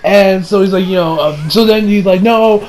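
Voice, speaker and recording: High-voiced, rambling male anime reviewer. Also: brisk, darkish tone. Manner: rambling, laughing, with frequent profanity and fillers. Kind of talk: casual episode recap.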